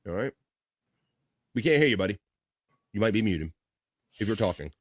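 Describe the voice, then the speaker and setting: A man's voice: fairly low pitch, lively intonation, normal speed, no room sound. Guy hosting a live stream, rambles and laughs a lot, dry mic. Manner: rambling, laughs often, restarts sentences. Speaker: livestream host. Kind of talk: casual live-stream chat.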